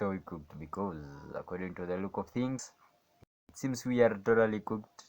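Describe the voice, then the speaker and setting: A man in casual live commentary on his own trade, rambling and questioning himself, moving between calm chart talk and excited outbursts. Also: lowish voice, normal speed. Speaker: day trader narrating his screen.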